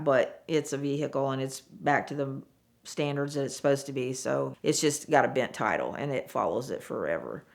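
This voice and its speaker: A middle-aged woman, a former car saleswoman, telling frank stories in a chatty, animated way and acting out the voices of the people in them. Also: a bass voice, gravelly. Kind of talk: casual storytelling interview.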